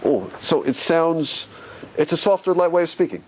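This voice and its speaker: A man, a rabbi, teaching a lively Torah class, questioning his listeners and repeating key points for stress. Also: a little high, moderate pace.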